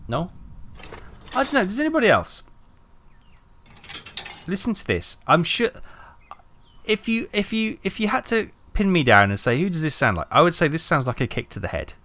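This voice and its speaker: A man's voice: high voice, big pitch swings, moderate pace, pauses often, bright, forceful tone, slight background noise. A British man giving chatty, rambling live commentary while streaming a game, with dry joking asides.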